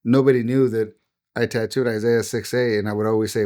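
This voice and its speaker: A man's voice: mid-range voice, steady tone, brisk, a little mellow. A middle-aged man, a pastor, telling his personal testimony as a podcast guest in an earnest, heartfelt way.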